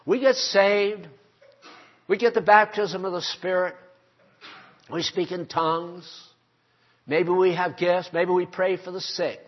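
Husky older preacher, lo-fi sermon. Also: male voice, high voice, steady tone, takes it slowly, pauses often. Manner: emphatic, rhetorical questions to the congregation. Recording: dull lo-fi sermon recording.

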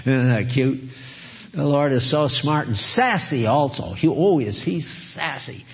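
A man's voice: medium pitch, lively intonation, a little slow. A man preaching a sermon in an earnest, exhorting way, chuckling often as he talks. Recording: dull lo-fi recording.

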